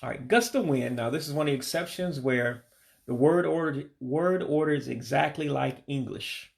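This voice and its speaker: A man teaching vocabulary in a casual lesson, patiently repeating words slowly and admitting when he stumbles. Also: on the high side, creaky. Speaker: language learner teaching vocabulary.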